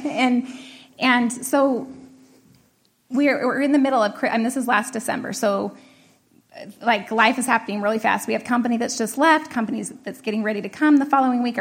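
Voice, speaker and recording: A middle-aged woman tells a personal story in a relaxed, chatty way. Her voice sits high and is husky, with a gravelly edge. She laughs often and acts out the voices of the people in the story. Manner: laughing often, animated retelling of dialogue. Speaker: guest telling a personal story. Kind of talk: casual storytelling.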